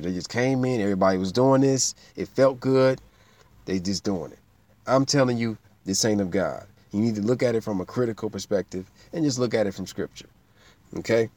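Guy preaching a sermon, punchy and emphatic, gets loud then drops low. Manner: emphatic, swings from loud preaching to quiet asides.

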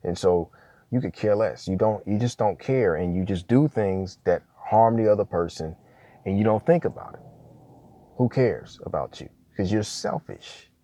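Man, low dark voice, emphatic scripture teacher who keeps checking "okay?", dry close sound. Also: animated, moderate pace, dry recording. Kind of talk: preaching talk on scripture.

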